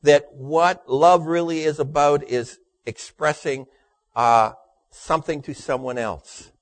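A man preaching a sermon, telling jokes in a dry storytelling way and dropping his voice low for the punchlines. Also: steady tone, takes it slowly, no echo. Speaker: pastor.

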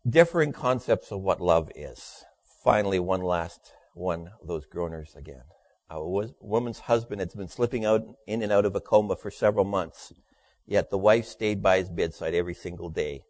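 A man preaching a sermon, telling jokes in a dry storytelling way and dropping his voice low for the punchlines. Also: normal speed, darkish tone, no echo. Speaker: pastor.

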